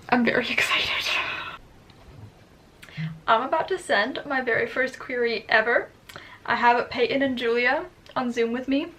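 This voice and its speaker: A woman vlogging casually to camera, chatty and excitable with lots of filler words. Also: fairly high pitch. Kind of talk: casual vlog talk to camera.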